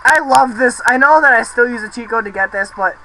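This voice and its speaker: A young man casually commenting on his gameplay, rambling, swearing and shouting excitedly at the game. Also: very high voice, brisk, faint music behind, rough recording. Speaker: let's play host.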